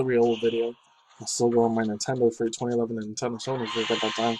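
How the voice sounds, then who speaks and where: A man's voice: medium pitch, a little mellow, slight background noise, low-quality recording. A man casually reading out a gaming news article, breaking off into rambling, slangy asides. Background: faint game music.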